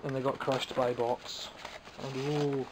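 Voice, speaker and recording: A man's voice: mid-range voice, little pitch movement, takes it slowly, background noise. A man with a Scottish accent, chatting casually and self-mockingly while showing off toys he bought. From Scotland. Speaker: toy collector vlogger. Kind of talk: casual show-and-tell vlog.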